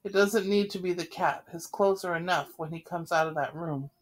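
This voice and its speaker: A woman's voice: on the low side, moderate pace, close to an everyday voice. Woman reading a fussy complaining man. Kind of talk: read-aloud play.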